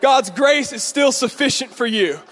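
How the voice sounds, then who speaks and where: A man preaching a sermon, telling a story in an animated way and acting out the voices in it. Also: extremely high pitch, normal speed, long reverb tail. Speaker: pastor.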